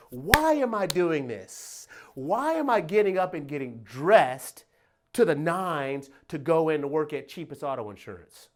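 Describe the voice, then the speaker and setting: Animated middle-aged motivational speaker man. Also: fairly high pitch. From Detroit, USA. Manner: animated, emphatic, folksy, laughs often, asks "right?". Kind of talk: motivational talk. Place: workplace event room.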